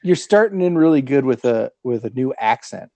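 A man hosting a podcast, asking questions in a relaxed, chatty way. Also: mid-range voice, normal speed, no room sound. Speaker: podcast host. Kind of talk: casual podcast chat.

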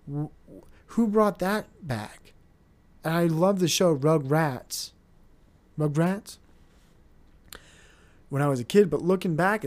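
A young adult man hosts a casual solo podcast in a slightly high, darkish voice, rambling and swearing and often mocking other people in put-on voices.

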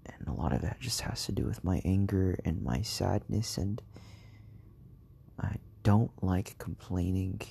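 A young man talks slowly and hesitantly into his own video diary, tired and sad. His voice sits low and mellow, and at times it sinks almost to a whisper. He pauses often, as if searching for the words. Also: creaky, a little hiss or hum. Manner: soft, hesitant, halting, sometimes near a whisper. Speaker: vlogger. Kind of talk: reflective personal diary vlog.

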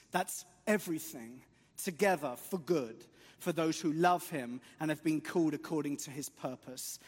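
A man preaching a sermon in church, earnest and emphatic with occasional light jokes. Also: fairly high pitch. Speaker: guest preacher. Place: church sanctuary. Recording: long church hall reverb.

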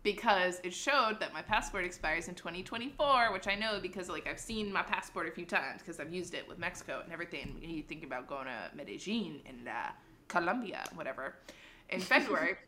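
A woman's voice: fairly low pitch, a little fast, slight background noise. A young woman co-hosting a casual podcast, telling an exasperated story with swearing and laughter. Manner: excitable, swears freely, laughs through the story. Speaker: podcast co-host.

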